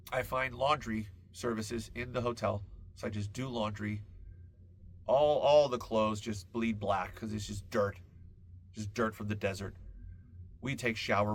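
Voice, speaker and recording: A man hosting a podcast, telling a long comic story in a casual, profane and animated way. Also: lowish voice, vocal fry, slight background noise. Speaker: podcast host.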